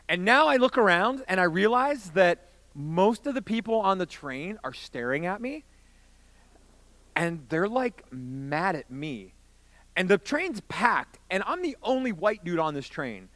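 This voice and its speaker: Youth pastor, man in his late twenties, animated storyteller with a bright, tense tone and a high, lively voice. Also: moderate pace, dry recording. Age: 20s. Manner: animated storyteller acting out quotes, voice rising to shouts. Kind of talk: storytelling sermon.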